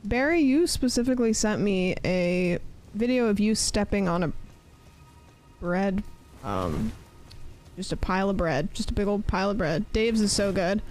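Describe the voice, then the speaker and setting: A woman's voice: mid-range voice, expressive, moderate pace, a little mellow, soft background music. A young woman streaming a game, chatting casually and rambling as she answers her chat. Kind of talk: casual chat while gaming.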